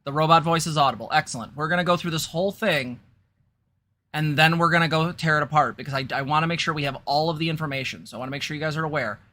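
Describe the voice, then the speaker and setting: A woman's voice: deep voice, quick pace, fairly bright tone. A woman co-host talking casually in a chatty, conversational way. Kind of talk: casual commentary.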